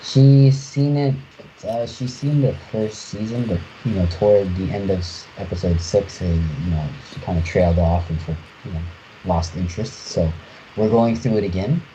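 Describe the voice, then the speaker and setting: Low, dark-voiced man, halting chat. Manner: halting, many restarts and fillers. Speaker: podcast co-host. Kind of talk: casual chat. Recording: muffled lo-fi audio with faint noise.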